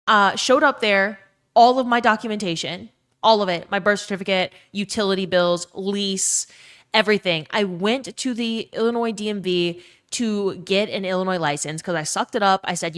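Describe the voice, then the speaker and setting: A woman's voice: medium pitch, normal speed, fairly bright tone. A young woman from Louisiana with a faded Southern accent, chatting casually on a live stream, swearing freely and greeting viewers by name. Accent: faded Southern American.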